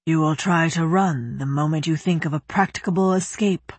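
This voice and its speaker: A woman's voice: low voice, breathy edge, dry recording. Woman doing a stern male official. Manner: stern, measured, lectures in slow formal phrases. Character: stern, proud male official guarding a prisoner. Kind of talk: audiobook character voice.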